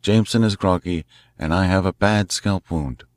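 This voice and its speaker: A man voicing a resourceful male detective, calling out urgently and excitedly. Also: low voice, moderate pace, dry recording, close to an everyday voice.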